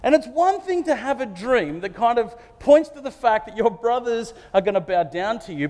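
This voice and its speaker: A man's voice: extremely high pitch, big pitch swings, fairly quick, hardly any pauses, darkish tone. A man preaching a sermon, retelling a story with playful asides. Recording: long hall reverb.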